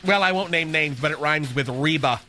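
A flamboyant, catty male receptionist gossips through one-sided phone chats, sharp and bright in tone, as a man acts him out. His voice sits high and lilting for a man. It is a radio comedy sketch bit. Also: fairly quick, slight background noise.

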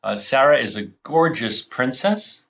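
A man's voice: mid-range voice, sing-song, a little slow, creaky, fairly bright tone. A man co-hosting a podcast, casually recapping an episode and rambling with laughs. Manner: rambling, laughing, acting out scenes. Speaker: podcast co-host.

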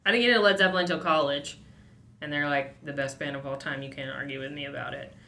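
A woman's voice: low voice, steady tone, fast, pushed and bright, a little hiss or hum. A woman co-hosting a radio show, opinionated and laughing in casual chat.

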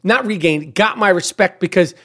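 A middle-aged male podcast host with a fairly high voice. He rambles through a casual monologue, restarting his sentences often. He swears freely and talks bluntly. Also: moderate pace, pushed and bright.

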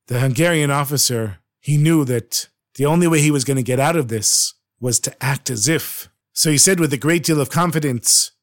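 A man telling a dramatic true story in an earnest, expressive way. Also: a little high, brisk.

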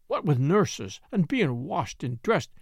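A woman's voice: deep voice, very animated, slow pace, husky, dry recording, clean studio sound, heavily acted. A woman voicing a kind, plainspoken young maid who talks in broad Yorkshire dialect. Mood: gossiping. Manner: broad dialect, earnest and chatty.

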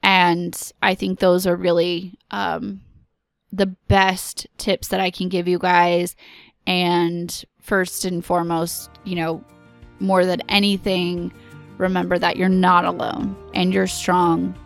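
A woman's voice: on the low side, completely flat delivery, slow, vocal fry, no echo, faint music behind. A woman in her thirties hosting a podcast, giving a casual, earnest pep talk to other moms. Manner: earnest, pep-talk, direct address to listeners. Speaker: podcast host.

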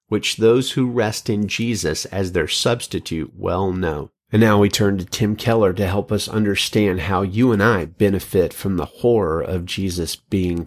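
Earnest male preacher reading scripture. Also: on the low side. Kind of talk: sermon reading scripture and quotations.

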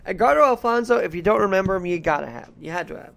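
A podcast host talks alone in a put-on Irish brogue, drifting casually from one topic to the next. His voice sits a little high for a man and has a gravelly edge. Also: rapid-fire, fairly bright tone. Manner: rambling, chatty, jumps between topics. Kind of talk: casual solo podcast monologue.

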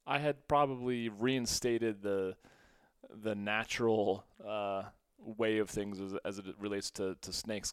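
Lively storytelling man, low smooth voice. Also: dry recording, clean studio sound. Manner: animated, swings between hushed and loud; laughs often, quotes himself. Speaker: podcast host. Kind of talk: casual storytelling.

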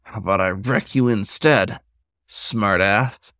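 A man voicing an affectionate, teasing male black bear who talks in a low growl. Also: slow, fairly bright tone, dry recording, studio quality.

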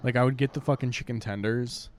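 A man co-hosting a podcast, giving blunt, profane, deadpan retorts in casual chat. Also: medium pitch, fast talker, slight background noise. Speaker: podcast co-host.

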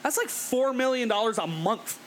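A man casually riffing on a podcast, sarcastic and profane. His voice is high, bright and animated. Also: moderate pace, slight background noise. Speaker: podcast host. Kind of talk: casual reaction commentary.

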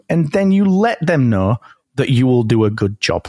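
A man's voice: medium pitch, normal speed, no room sound, studio quality. Man hosting a podcast, chatty. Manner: energetic, metaphor-heavy, repeats words when starting. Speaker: podcast host. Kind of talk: casual chat.

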